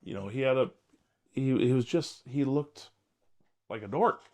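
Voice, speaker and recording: An older retired detective telling case stories in an interview, blunt and wry, rambling with many fillers. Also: male voice, mid-range voice, a little slow, a little mellow. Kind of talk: storytelling interview.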